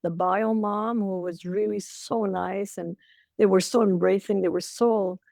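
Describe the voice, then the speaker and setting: A woman's voice: medium pitch, fairly even intonation, a little slow, vocal fry, darkish tone, dry recording. Emotional older woman telling stories. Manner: emotional, repetitive storytelling. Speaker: guest, co-parenting coach. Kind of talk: casual interview chat.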